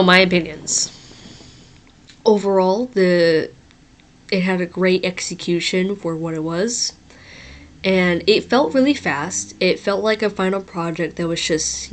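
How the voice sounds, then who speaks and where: A woman podcaster chatting casually on camera, a little hoarse from losing her voice, nervous and restarting her sentences. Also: mid-range voice. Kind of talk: casual video review and rambling sign-off.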